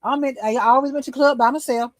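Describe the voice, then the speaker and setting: An older woman, a talk show host, telling a personal faith story in casual, animated chat. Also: high-pitched, quick pace, a loud crowd.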